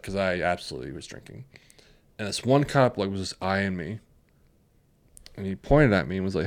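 A man's voice: low voice, moderate pace, long pauses. A man co-hosting a podcast, telling a party anecdote in casual chat, swearing freely and acting out what others said. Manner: profane, animated anecdote teller acting out quotes. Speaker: podcast co-host.

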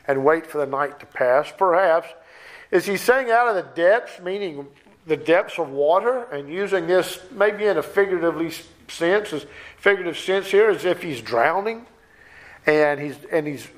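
A male preacher with a noticeably high voice, teaching through a psalm in a sermon. He speaks earnestly and with emphasis, often circling back to repeat and rephrase a point, lifting his voice on key phrases.

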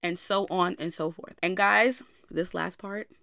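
A woman's voice: lowish voice, fairly even intonation, a little slow, vocal fry, pushed and bright, no echo, clean studio sound. A young woman hosting a podcast, telling a personal story in a candid way and talking straight to her listeners. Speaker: podcast host.

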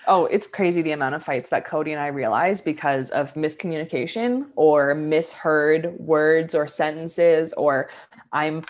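A woman with a notably low voice talks through things in a relaxed, reflective chat. She leans on "like" as she works her thoughts out aloud. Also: a little slow. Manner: reflective, many "like" fillers. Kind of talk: casual chat.

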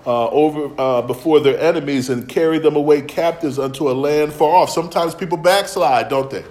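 A man's voice: on the high side, a little fast, hardly any pauses, a little mellow, roomy sound. A man from the United States preaching a sermon in plain, slangy African American English, joking and laughing often as he reads and explains scripture.

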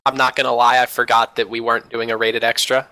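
A man from the American South with a very bright, forceful, sharp voice recounts a video game adventure. His casual podcast storytelling is full of "uh" fillers. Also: mid-range voice, flat delivery, fast talker, clean tone, low-quality recording. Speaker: podcast co-host. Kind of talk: casual gaming chat.

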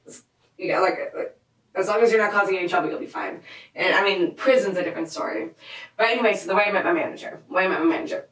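A young woman in her twenties, a DJ, chatting casually on a podcast, animated and swearing freely. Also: medium pitch, racing, reverberant, rough recording. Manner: animated, swearing, lots of likes. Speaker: DJ guest.

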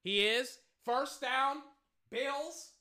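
An excitable fan commentator calling live football play-by-play, bursting out loudly on big plays and talking straight to listeners. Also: high-pitched. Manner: excitable, loud bursts, rapid asides to listeners.

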